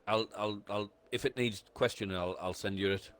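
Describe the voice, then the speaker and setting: A man's voice: fairly low pitch, fairly even intonation, normal speed, fairly bright tone. A man with a Geordie accent commentating an esports race, talking through each corner step by step. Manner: talks through each corner step by step, rising as the lap builds.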